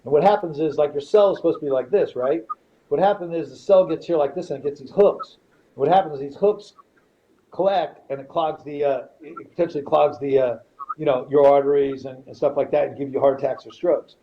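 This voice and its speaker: A middle-aged man tells a story as a podcast guest, his voice sitting a little high for a man. He swears freely and acts out each person in the story. The audio is a bit dull, with faint background noise. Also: brisk. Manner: profane, animated, quotes people in his stories. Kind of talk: casual storytelling.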